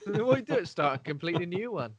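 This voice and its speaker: A man's voice: sits high, sing-song, fast talker, lo-fi sound, a crowd in the background. A man co-hosting a film podcast, making sarcastic, sweary asides. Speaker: podcast co-host. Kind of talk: casual film chat.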